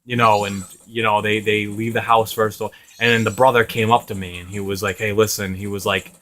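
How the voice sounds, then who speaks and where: A man's voice: fairly low pitch, level tone, brisk, pushed and bright. A young man from Rhode Island, hosting a gaming channel, tells a long rambling story with lots of swearing and laughter. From Rhode Island, USA. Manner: rambling, profane, laughs often. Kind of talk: casual storytelling over gameplay.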